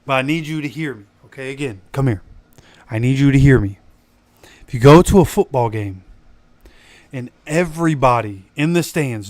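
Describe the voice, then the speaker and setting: A man's voice: on the high side, no echo. A man hosting a fan livestream, ranting animatedly and preaching straight at his viewers, his voice still recovering after he lost it. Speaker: fan channel host. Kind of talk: casual livestream rant.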